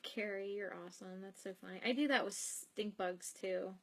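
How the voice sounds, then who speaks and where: A woman's voice: mid-range voice, steady tone, moderate pace. Chatty young woman reading stream comments. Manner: chatty and rambling, reads comments aloud, laughs easily. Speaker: psychic host answering live comments. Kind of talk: casual live-stream chat. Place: home, with cats nearby.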